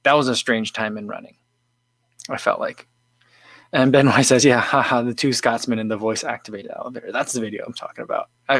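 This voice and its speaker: Casual male stream host, mid-pitched, rambly and filler-heavy, dry close sound. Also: a bit bright, dry recording. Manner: easygoing, rambling with many fillers and restarts. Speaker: livestream host. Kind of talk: casual livestream chat, tasting beer and reading comments.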